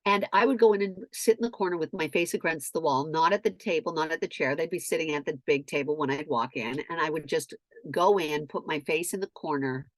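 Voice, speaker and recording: A middle-aged woman in casual storytelling chat, animated and profane, acting out shouted quotes. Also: sits low, a little fast, dry recording, clean studio sound.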